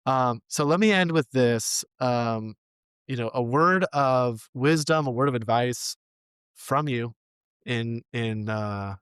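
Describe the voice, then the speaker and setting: A man's voice: mid-range voice, takes it slowly, clear, resonant tone, no echo, studio quality. A man hosting a faith podcast, closing an interview by encouraging his listeners. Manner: warm, encouraging, addresses his audience. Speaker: podcast host. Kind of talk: casual interview wrap-up.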